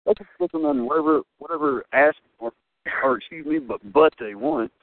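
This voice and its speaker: A young man with a gravelly, creaky voice tells profane, excitable stories, his pitch leaping all over as he rambles. He comes through a dry, tinny, phone-like line. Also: fairly quick, no echo. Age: young adult. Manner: profane, excitable, filler-heavy. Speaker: wrestling guest. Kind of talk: rambling storytelling.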